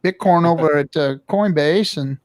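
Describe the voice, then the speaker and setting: A man's voice: on the high side, normal speed, crowd noise. A middle-aged man from the United States hosting a casual livestream chat, rambling and profane as he tells stories. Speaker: podcast host.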